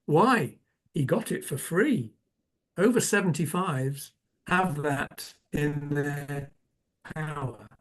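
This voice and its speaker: A man's voice: on the high side, takes it slowly. A man in his seventies with an English accent, telling funny travel anecdotes as a guest speaker at a club talk. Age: 70s. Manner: humorous anecdotal storytelling.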